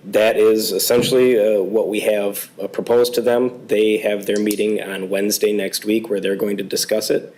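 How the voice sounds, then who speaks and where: A man serving as police chief, his voice going hoarse, speaks low and haltingly, filling pauses as he reports to a township board. He sounds like he is talking at a meeting-room microphone. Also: a little mellow, low-quality recording. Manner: halting, many fillers. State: losing his voice.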